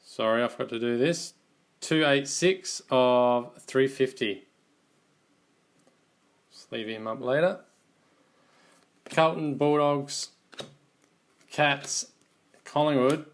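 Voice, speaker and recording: A man's voice: mid-range voice, takes it slowly, long pauses. An Australian man hosting a live trading card box break, calling out teams and players in an easygoing running commentary.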